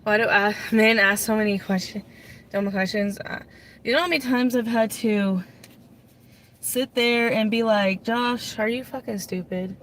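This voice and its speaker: A woman's voice: medium pitch, fairly even intonation, unhurried, a bit bright. A woman from Mississippi, vlogging in casual talk, blunt and candid with some swearing. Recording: car interior road noise.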